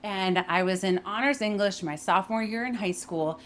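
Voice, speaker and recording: A young adult woman teaching workplace communication in a clear, emphatic way, modeling pitch and phrasing as she explains. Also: moderate pace, a little hiss or hum. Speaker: voice and communication coach. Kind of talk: instructional talk with spoken demonstrations.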